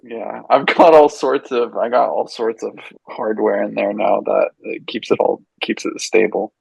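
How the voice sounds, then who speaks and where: A man's voice: fairly low pitch, steady tone, a little slow, gravelly, darkish tone, slightly rough, no room sound, rough recording. A young man in casual chat, telling stories in a laid-back, rambling way with many fillers.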